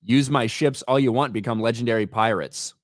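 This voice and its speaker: A blunt, casual man hosting a podcast, swearing freely as he chats and reads out viewer donations. His voice sits at an ordinary pitch. The recording is dry and close. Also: fairly quick, no room sound. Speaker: host.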